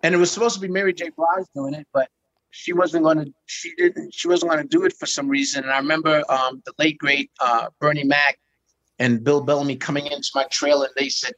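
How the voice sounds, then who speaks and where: A man's voice: fairly high pitch, a little fast, no room sound, low-quality recording. A middle-aged man telling jokey stories as a guest in a casual chat, swearing freely. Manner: animated, profane, jokey storyteller.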